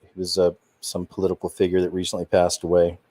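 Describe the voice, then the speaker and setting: A man's voice: deep voice, monotone, fast, warm tone, dry recording. A man hosting his own channel, talking in a rambling, indignant commentary with trailing restarts. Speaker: channel host. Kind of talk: casual commentary monologue.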